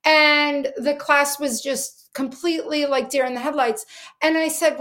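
A woman's voice: sits high, steady tone, measured pace, pushed and bright. A middle-aged woman dog trainer explaining things earnestly in an interview, with many fillers. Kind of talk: interview answers.

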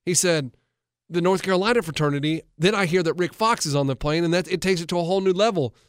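Sports-talk co-host, male, highish voice, dry close mic, animated stop-start storyteller. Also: quick pace, clear, resonant tone, dry recording. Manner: animated storyteller, retells others' words with many restarts. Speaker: coach and co-host. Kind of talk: casual sports talk chat.

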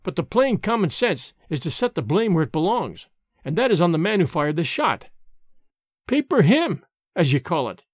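A man reading an audiobook, voicing a blunt, sensible young lowland man. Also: very animated, moderate pace, dry recording, studio quality.

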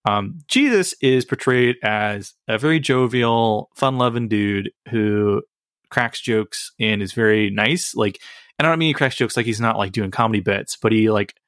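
A man's voice: fairly low pitch, moderate pace, a bit bright, no room sound, clean studio sound. A young man co-hosting a podcast in casual, rambling chat, full of fillers. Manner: rambling, filler-heavy, frequent "like". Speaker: podcast co-host.

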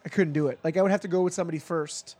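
A man with a voice a little higher than most, chatting casually and spinning a long anecdote. He rambles along, leaning on "like" and slipping into the voices of the people in his story. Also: steady tone, very fast, darkish tone, breathy edge. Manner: rambling, many "like" fillers, acts out quotes.

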